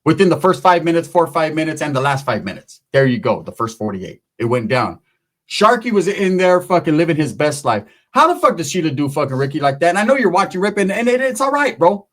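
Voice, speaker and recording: A man's voice: a little high, sing-song, fast talker, a bit bright. A man telling a long, profane, rambling story in casual talk, acting out the other people in it.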